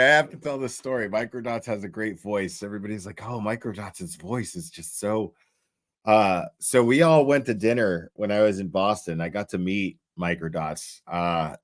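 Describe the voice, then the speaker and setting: A man's voice: on the low side, no echo, studio quality. A man hosting a show, giving casual commentary on a played video in a chatty, profane way and laughing often. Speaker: host.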